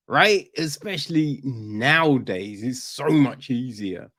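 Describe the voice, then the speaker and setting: A man's voice: medium pitch, lively intonation, a little slow, fairly bright tone. A man chatting casually about a film on a podcast, rambling with restarts and asking "right?" often. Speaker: podcast host, film reviewer. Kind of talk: casual chat.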